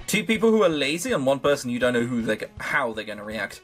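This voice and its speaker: A man's voice: mid-range voice, sing-song, fast, hardly any pauses, fairly bright tone, soft background music. A man reads a visual novel aloud, breaking off for sarcastic jokes and casual swearing. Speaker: let's play host. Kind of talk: reading a visual novel aloud with joking commentary.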